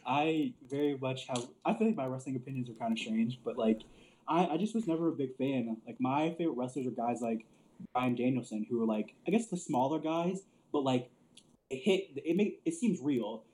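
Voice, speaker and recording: A man's voice: medium pitch, lively intonation, moderate pace, dark tone, slight background noise, rough recording. A man telling wrestling stories in casual chat, loose and profane, laughing often and filling with "like". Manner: loose storyteller, swears a lot, laughs often, many "like" fillers. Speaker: podcast co-host.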